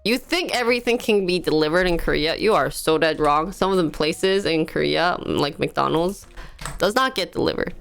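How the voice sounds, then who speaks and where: Speaking from home on a livestream, this woman has a deep, gravelly yet smooth voice at normal speed. She chats casually through her stories and laughs a lot, with soft background music.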